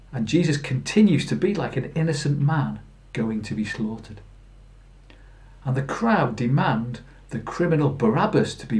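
A man's voice: medium pitch, a little mellow. A man preaching a Good Friday sermon in plain storytelling, earnest, with fillers and restarts. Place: church.

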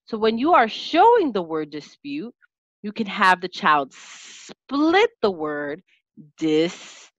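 A woman teaching a lesson, sounding out letters and syllables slowly and clearly as an instructor. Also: mid-range voice, sing-song, dry recording. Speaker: teacher and test-prep instructor.

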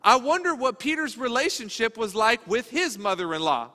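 A man preaching to his congregation in a relaxed, conversational way, slipping in jokes and quick impressions of the people he quotes. His voice sits high and sounds bright and forceful. The sound carries a long reverb, as in a church sanctuary. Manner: conversational, joking asides, acts out quoted voices. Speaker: pastor. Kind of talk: sermon.

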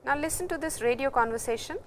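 A woman's voice: high voice, fast talker, a little hiss or hum. A woman teaching a language lesson in a patient, explanatory way, repeating key words as she goes. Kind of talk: recorded classroom lecture.

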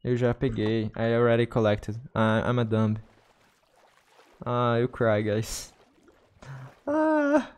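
A man's voice: medium pitch, level tone, a little mellow, smooth. Brazilian man chatting on a gaming stream. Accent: Brazilian Portuguese. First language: Portuguese. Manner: halting, repeats and restarts words, chats to viewers. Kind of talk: casual gaming livestream chat.

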